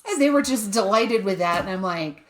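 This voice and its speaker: A woman's voice: medium pitch, expressive, a little fast. A woman co-hosting a podcast in casual chat, telling stories animatedly, mimicking other people's voices and laughing often. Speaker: podcast co-host.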